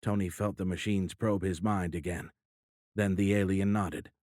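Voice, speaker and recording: A man narrating a sci-fi audiobook in a steady, measured storytelling manner. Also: low voice, dry recording, studio quality. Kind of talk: scripted narration.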